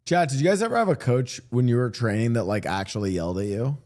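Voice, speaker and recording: A man's voice: medium pitch, animated, fast talker, darkish tone. A young man streaming, chatting casually in a rambling, joking way with many fillers and restarts. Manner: crude, joking. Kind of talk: casual chat while streaming.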